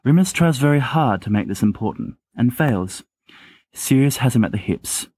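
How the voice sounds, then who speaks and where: A man's voice: medium pitch, expressive, normal speed, darkish tone, breathy edge, no echo. A man narrating a story in an amateur audiobook reading, plainly, with small restarts. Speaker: podfic reader.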